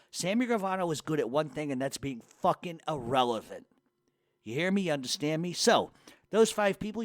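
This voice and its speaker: A man's voice: high-pitched, no room sound. A man hosting a radio show, reading hate mail aloud and firing back with profane, mocking insults.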